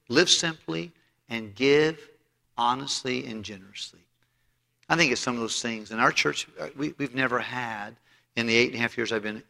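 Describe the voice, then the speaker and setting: A man's voice: medium pitch, vocal fry, sharp tone. A man preaching a sermon as pastor, emphatic and storytelling, often restarting his phrases, in a church auditorium. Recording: long hall reverb.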